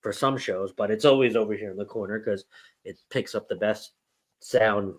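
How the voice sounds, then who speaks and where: A man's voice: on the low side, normal speed. A man hosting a livestream, chatting casually about streaming tech with many "you know" fillers, speaking into a microphone set off in the corner of the room. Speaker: livestream host. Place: home streaming setup.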